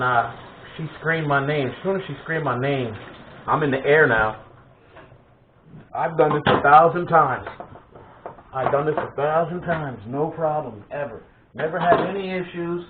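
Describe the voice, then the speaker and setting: Male vlog host, relaxed animated storyteller, laughs and restarts a lot, tinny phone-like audio. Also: fairly high pitch, a little hiss or hum. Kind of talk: casual storytelling of family memories. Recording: tinny phone-like sound in an echoey room.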